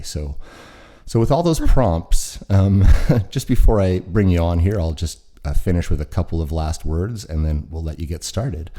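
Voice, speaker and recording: A man hosting an interview, introducing his guest in a halting way with many fillers. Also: very deep voice, dark tone. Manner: halting, filler-heavy delivery. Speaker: podcast host.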